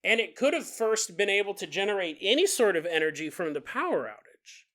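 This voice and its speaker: Bright-voiced man telling a ghost story. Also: high voice, a little fast. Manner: animated, jokey, mimics people in quotes. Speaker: podcast host. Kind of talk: casual storytelling podcast.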